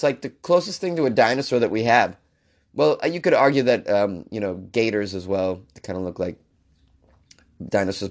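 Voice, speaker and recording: Hoarse, sarcastic male podcast host. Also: medium pitch. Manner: sarcastic, riffing and exasperated. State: hoarse from illness. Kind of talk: comedic weird-news commentary.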